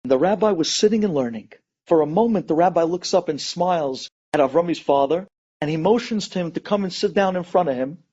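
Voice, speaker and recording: A rabbi tells an inspirational story with high, husky intensity, his voice leaping up and dropping low as he acts out each person's pleas. The recording is muffled and lo-fi. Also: expressive, a little fast. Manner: dramatic, acts out each person's pleas with big swings in pitch and loudness.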